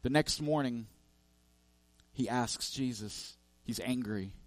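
A man's voice: medium pitch, slow pace, no echo. A man preaching a sermon, telling a parable with emphatic, repetitive lists and frequent restarts. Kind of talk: sermon storytelling.

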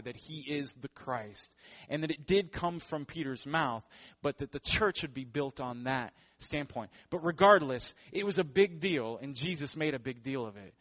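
A man's voice: fairly high pitch, fairly bright tone. A man preaching a sermon in a joking, conversational way. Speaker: pastor.

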